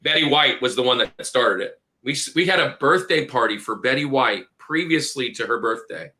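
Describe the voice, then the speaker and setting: A young man with a bright, forceful tone, talking in a casual podcast chat. He is animated and friendly, addressing his co-hosts as dude and bro. His pitch sits in the middle. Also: moderate pace. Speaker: podcast co-host.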